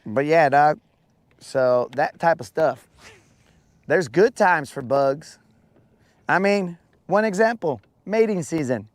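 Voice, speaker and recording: Playful rambling man, rough morning voice. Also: fairly high pitch, expressive, takes it slowly, pauses often, no echo. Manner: playful rambling storyteller, addresses chat as bro. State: morning voice, dry mouth. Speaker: fishing stream host. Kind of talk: casual live-stream chat.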